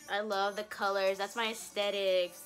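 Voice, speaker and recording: A woman's voice: medium pitch, steady tone, slow. A young woman chatting casually in a reaction vlog, gushing and breaking into laughs and gasps. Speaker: vlogger. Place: at home, sitting down. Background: music video playing faintly.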